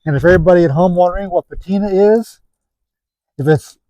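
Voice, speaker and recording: A man's voice: on the high side, animated, quick pace, warm tone, no echo, lo-fi sound. A man casually explaining how he cleans an old car, folksy and joking, rambling as he works. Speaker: classic car seller.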